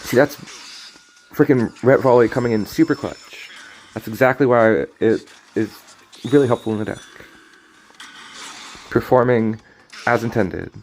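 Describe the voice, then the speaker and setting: A man talks his way through a card game on stream, mid-pitched and easygoing. He jokes, cuts himself off, and keeps apologizing with a grin in his voice. Soft game music runs underneath. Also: measured pace, pauses often. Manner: rambling, jokey, self-interrupting, apologetic. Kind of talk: casual gaming stream commentary. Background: faint game music.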